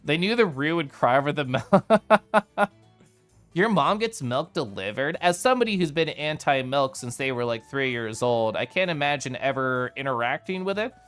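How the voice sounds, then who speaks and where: A livestreamer chats casually with viewers in a medium-pitched, expressive voice that's a bit bright and moves at normal speed. The stories ramble, packed with fillers and mock outrage, while faint music plays behind.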